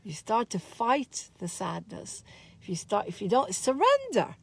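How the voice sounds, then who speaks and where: A woman teaching a spiritual course in a slow, soft, heartfelt way, openly sad as she talks. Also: mid-range voice, wildly swooping pitch, creaky, breathy edge, dry recording. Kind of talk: reflective spoken talk.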